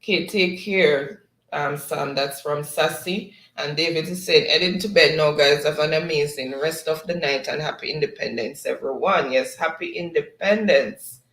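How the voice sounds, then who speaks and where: A woman's voice: low voice, moderate pace, few pauses, reverberant, rough recording. A Jamaican woman hosting a livestream, chattily reading out viewer comments and laughing often. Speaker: livestream host. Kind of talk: reading viewer chat aloud.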